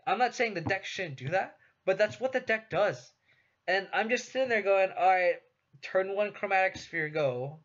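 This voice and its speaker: A man's voice: high voice, fairly bright tone. A young man with a West Coast American accent chatting casually while streaming a card game, swearing and laughing often. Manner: laid-back, swears a lot, laughs often. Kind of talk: casual chat while gaming. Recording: dull lo-fi stream audio.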